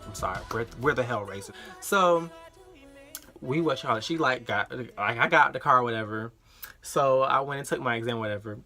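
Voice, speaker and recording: A young man in his late teens telling a storytime vlog, animated and acting out other people's lines. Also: mid-range voice. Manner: animated, acts out the dialogue of others. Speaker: vlogger.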